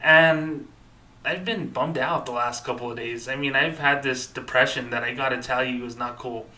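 A man's voice: medium pitch, steady tone, moderate pace, sharp tone, far from the mic, slight background noise, rough recording. A man in his thirties hosting a podcast, talking in an upset, earnest way with many fillers and restarts. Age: 30s. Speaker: podcast host. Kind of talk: personal podcast monologue.

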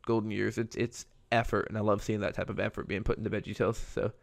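Man, podcast host, casual solo talk, rambling, low voice, flat delivery. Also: fast talker, creaky. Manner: rambling and conversational.

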